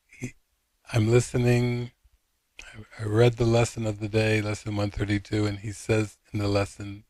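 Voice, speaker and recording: A man's voice: fairly low pitch, monotone, moderate pace, long pauses, a little mellow, no room sound. A man who is a spiritual teacher, telling a story at a retreat in a rambling, anecdotal way full of fillers. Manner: anecdotal, retells dialogue with many fillers.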